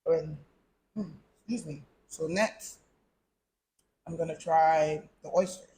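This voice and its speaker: A man's voice: fairly high pitch, fairly even intonation, slow, darkish tone, a little hiss or hum. A man hosting an interview, tasting food and reacting with enthusiasm, sometimes talking with his mouth full. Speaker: host.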